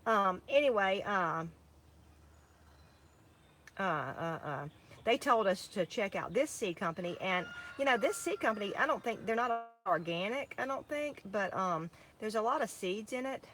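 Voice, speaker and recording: A farm co-host, a woman, chats and rambles with lots of fillers while planting seeds with her co-host. Her mid-range voice is animated, a little slow and fairly bright.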